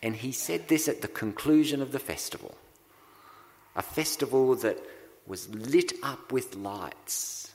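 A man preaching a sermon as pastor, slow and deliberate, with dramatic pauses. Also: mid-range voice, in a large hall.

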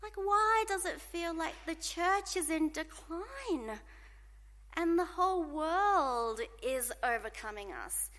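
A woman preaching a sermon in an animated way, asking the congregation to call out responses, in a church hall. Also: very high voice, takes it slowly.

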